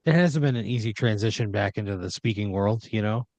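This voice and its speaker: A man's voice: fairly low pitch, fairly quick, darkish tone, no echo, dull audio. A man improvising a second-person story as a podcast storyteller, rambling with uhs and restarts.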